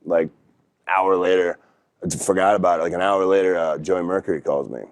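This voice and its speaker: A man's voice: low voice, fairly even intonation, fairly quick, smooth, no echo. A young man, a podcast guest, telling a story in a laid-back, rambling way with lots of fillers. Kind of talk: casual storytelling.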